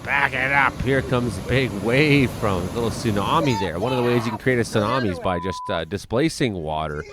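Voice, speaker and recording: A man, hosting a weather show and giving casual commentary on video clips with jokey asides and excited outbursts. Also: fairly low pitch, a little fast, noisy background. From Canada. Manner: chatty, exclaiming, jokey asides.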